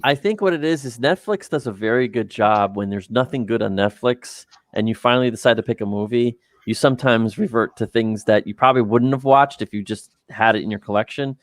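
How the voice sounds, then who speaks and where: A man's voice: medium pitch, a little fast, few pauses, no room sound, clean studio sound. A man co-hosting a casual livestream chat, rambling and repeating his words.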